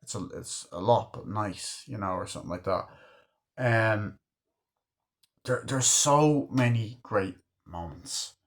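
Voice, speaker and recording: A man's voice: fairly low pitch, slow pace. Rambling, swearing man reviewing a film. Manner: animated, acts out quoted lines in put-on voices; swears freely, loose rambling delivery. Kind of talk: casual movie review.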